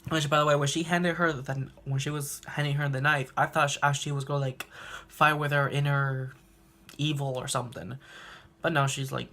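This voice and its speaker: A man's voice: a little high, little pitch movement, normal speed, pushed and bright. A young man recapping a cartoon episode casually, laughing often and acting out the characters' lines, recorded on a handheld phone. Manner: laughs often, acts out quotes. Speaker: reaction video host.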